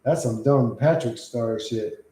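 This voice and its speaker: A man's voice: mid-range voice, measured pace, mellow. A man chatting on a casual livestream, rambling and swearing freely as he reacts to chat. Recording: echoey room.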